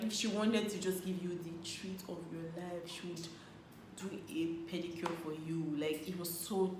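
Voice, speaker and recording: A young woman casually telling a story about her partner, animated, laughing often and acting out what was said. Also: lowish voice, moderate pace. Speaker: co-host of a couples channel. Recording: echoey room with faint hum.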